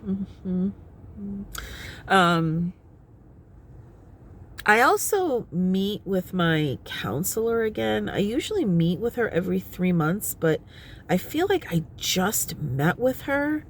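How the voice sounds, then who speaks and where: A woman's voice: mid-range voice, very animated, slow, a little hiss or hum. A middle-aged woman vlogging casually from her car, chatty and often laughing as she explains at length. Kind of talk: casual talking-head vlog. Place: inside her parked car. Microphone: phone propped on the steering wheel.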